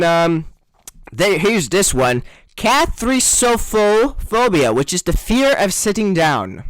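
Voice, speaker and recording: A man's voice: on the high side, no room sound. A man ranting sarcastically in a comedic commentary vlog, often jumping into mock voices. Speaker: video creator.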